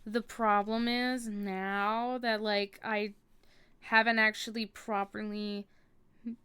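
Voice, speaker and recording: A woman's voice: mid-range voice, flat delivery, slow pace, sharp tone, clear, resonant tone. A woman streaming her drawing session, rambling to herself in casual chat full of fillers. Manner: rambling, filler-heavy self-talk. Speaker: art streamer.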